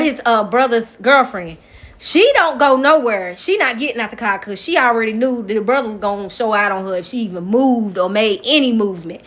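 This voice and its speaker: A young adult woman vlogger telling a personal story in a casual, animated way, often speaking straight to her viewers. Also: fairly high pitch. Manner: emotional, animated retelling, addresses viewers directly.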